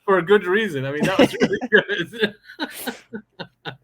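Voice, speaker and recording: A man hosting a podcast in casual chat, excitable and laughing often. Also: high voice, a little slow. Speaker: podcast host.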